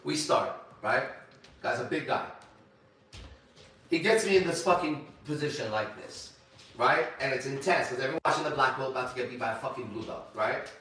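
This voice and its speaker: A man tells a story to a small gathering in a profane, animated way, now and then breaking into shouts. His voice is bright and edgy. He sits back from the mic in a very echoey room. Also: medium pitch, fairly quick, recorded from a distance, a little hiss or hum. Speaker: ministry leader.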